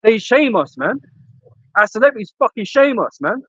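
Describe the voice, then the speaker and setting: High voiced guy ranting, swears a lot, dry dull recording. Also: very animated, moderate pace, fairly bright tone, slightly rough, no echo. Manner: angry, profane, repeats "man" and "you know". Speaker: camp speaker. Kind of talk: heated casual religious talk.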